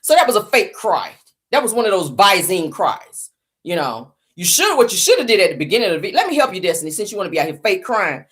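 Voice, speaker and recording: A middle-aged woman dishing celebrity gossip in a sassy, sarcastic way. Her pitch rises and falls widely as she stretches words for dramatic effect. Her voice sits at an average height for a woman. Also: big pitch swings, fairly bright tone. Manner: sarcastic, dramatic, drawn-out emphatic delivery. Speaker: host.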